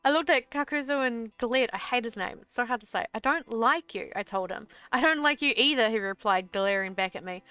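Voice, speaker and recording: A woman's voice: a little high, a little fast, hardly any pauses, bright, forceful tone, clean tone, no echo. A young woman streamer reading her old story aloud, breaking off into exasperated, swearing asides.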